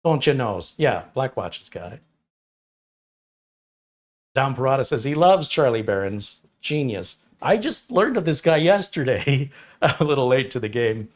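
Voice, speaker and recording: A man's voice: mid-range voice, very animated, unhurried. A man in his fifties from Michigan, a computer technician chatting casually with viewers on a livestream in a wry, opinionated manner with sarcastic asides. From Michigan, USA. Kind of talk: casual chat answering viewers.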